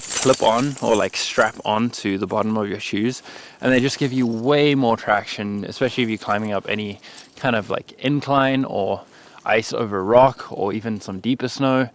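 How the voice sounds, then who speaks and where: A man's voice: mid-range voice, fairly bright tone, slight background noise. A young man from South Africa giving casual, upbeat winter hiking tips in a vlog, full of "like" fillers. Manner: chatty and upbeat, with many "like" fillers. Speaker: vlogger.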